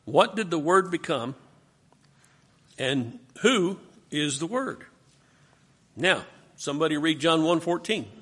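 A man's voice: on the high side, lively intonation, takes it slowly, pauses often, fairly bright tone, breathy edge. A man leading a Bible study class, questioning his students and coaching them through the text.

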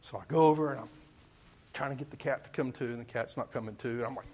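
A man tells a childhood story in the middle of a sermon. His pitch sits in the middle of a man's range, and he talks in a folksy, rambling way, restarting and correcting himself as he goes. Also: quick pace, a little mellow. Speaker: preacher.

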